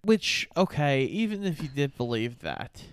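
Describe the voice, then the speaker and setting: A co-host on a film podcast, chiming in with dry, wry remarks. The voice has a middle pitch and a smooth, clear tone, recorded close with no room sound. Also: very animated, measured pace, no echo. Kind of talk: casual chat, film review.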